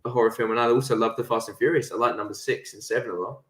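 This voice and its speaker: A man's voice: mid-range voice, fairly even intonation, fast. A young man chatting casually as an interview guest, laughing often and swearing freely over a video call. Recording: echoey room.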